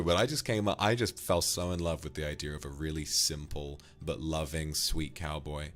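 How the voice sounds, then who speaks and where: Very deep-voiced man streaming. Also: lively intonation, a little fast, hardly any pauses, faint music behind. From United Kingdom. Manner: affectionate, calls viewers darling. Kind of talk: casual chat thanking viewers for donations.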